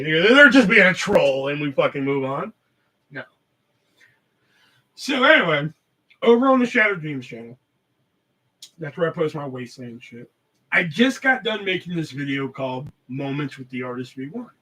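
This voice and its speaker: A man's voice: a little high, pushed and bright, distant mic, low-quality recording. A man hosting a live podcast, telling rambling stories in casual, heavily profane chat. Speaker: podcast host.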